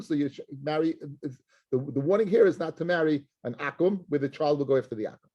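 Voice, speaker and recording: A middle-aged rabbi teaching a Talmud class, talking animatedly and slipping between English and Hebrew and Aramaic terms. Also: male voice, fairly high pitch, fairly quick, dark tone, highs cut off.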